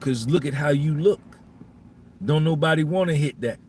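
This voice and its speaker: A man's voice: on the high side, moderate pace, a little mellow, slight background noise. A man hosting a live podcast, giving a blunt, profane monologue and repeating his points for emphasis. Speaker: podcast host.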